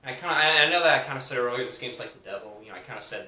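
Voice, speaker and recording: A man's voice: mid-range voice, expressive, racing, pushed and bright. A man reviewing a video game in a rambling comedic way, repeating himself and using many fillers. The recording has a roomy echo and comes from a distant mic.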